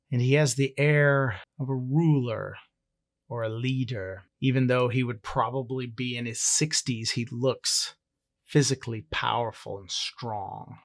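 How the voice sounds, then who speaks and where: A man telling a solo tabletop adventure at an unhurried, deliberate pace. His mid-pitched voice is recorded dry and close, with no room sound, and he often pauses to think aloud about the rules. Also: vocal fry, no room sound. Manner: measured, storytelling, thinks aloud over rules. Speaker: solo game master and player. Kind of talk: narrating a solo tabletop game.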